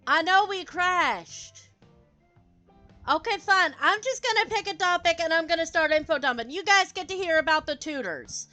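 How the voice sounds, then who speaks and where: A playful woman streamer with a high, bright voice chats with her viewers in a rambling way. Her pitch swoops lively from line to line, with faint game music underneath. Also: moderate pace. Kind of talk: live game stream chat.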